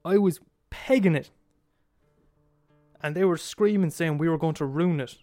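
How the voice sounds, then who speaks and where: A man with an Irish accent telling a story in a casual, animated way, swearing freely and checking in with the listener. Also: fairly high pitch, unhurried, no echo, soft background music. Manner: animated, swears a lot, asks the listener "right?".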